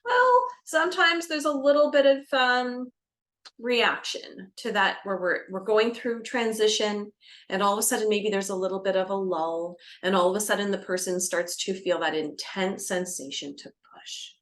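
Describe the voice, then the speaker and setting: A woman doula explaining birth practice to camera, lively and expressive, acting out scenes and dropping into a soft calm voice. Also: mid-range voice, normal speed. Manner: animated, acts out scenes with gasps and shifts to a soft calming voice. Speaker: doula educator. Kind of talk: educational talk to camera.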